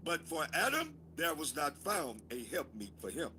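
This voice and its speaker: A man reading scripture aloud in a class, with a measured, formal delivery. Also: a little high, wildly swooping pitch, pushed and bright, slight background noise, rough recording.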